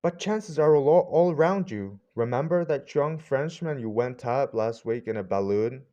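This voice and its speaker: A man's voice: medium pitch, expressive, normal speed, dark tone, voice pushed up, close to an everyday voice. A man voicing a poised, idealistic young woman who talks in a coaxing, earnest way, in a slightly muffled storybook recording.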